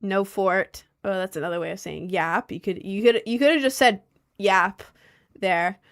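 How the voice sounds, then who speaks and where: A young adult woman livestreaming, chatting casually and reacting to her chat with lots of slang and quick asides. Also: medium pitch.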